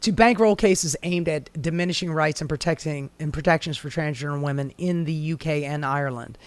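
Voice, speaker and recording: A man's voice: fairly high pitch, no room sound. A man giving heated, sarcastic commentary on a news story, swearing freely and mocking the people involved. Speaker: commentary host.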